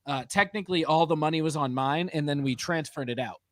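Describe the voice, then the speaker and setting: A man's voice: on the high side, a little fast, dry recording. A man hosting a podcast in casual chat, telling a story with energy and acting out the people in it. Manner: animated storyteller, laughs often, acts out other people. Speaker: podcast host.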